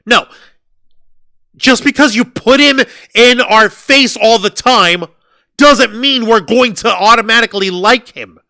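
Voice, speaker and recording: Ranting high-voiced man, bright and dry. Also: unhurried, gravelly, no echo. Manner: profane, ranting, sarcastic. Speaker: podcast co-host. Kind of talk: heated wrestling review chat.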